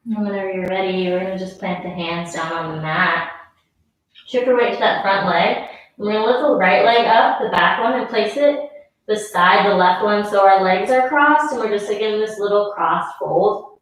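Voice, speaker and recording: A woman's voice: mid-range voice, moderate pace. Yoga teacher lady a bit out of breath, talking folks thru poses, big echo and the mic's far away. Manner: casual, encouraging cues, counts breaths aloud. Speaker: yoga instructor. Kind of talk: guiding a yoga class. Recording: very echoey room, mic far off.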